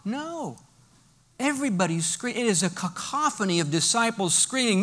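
Bright-voiced, animated male preacher. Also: very high voice, normal speed. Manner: animated storytelling, swinging between loud and hushed. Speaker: pastor. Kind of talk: sermon.

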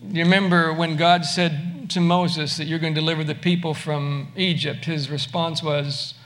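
Bright high-voiced male preacher. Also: fairly even intonation, normal speed. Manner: conversational preaching, asks the listeners direct questions. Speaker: pastor. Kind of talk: sermon.

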